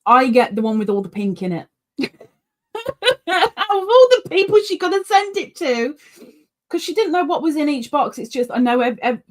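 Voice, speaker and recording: A British woman hosting a casual live yarn stream, chatty and rambling, full of fillers and restarts, cooing now and then at her pet. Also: fairly high pitch. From Britain. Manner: coos baby-talk at her pet. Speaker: yarn channel host.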